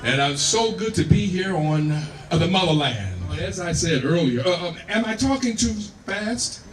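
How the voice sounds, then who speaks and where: A man's voice: high voice, lively intonation. An American man from California, a musician giving an easygoing talk on music between songs, checking in with his audience as he goes. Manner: easygoing, unhurried, checks in with "right?". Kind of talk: lecture between songs at the piano. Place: live performance room. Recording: roomy sound from a distant mic. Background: piano playing.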